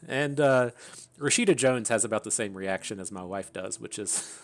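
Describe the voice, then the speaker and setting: A man's voice: on the low side, normal speed. A man hosting his gaming channel, thinking aloud in chatty, casual commentary and laughing at his own tangents.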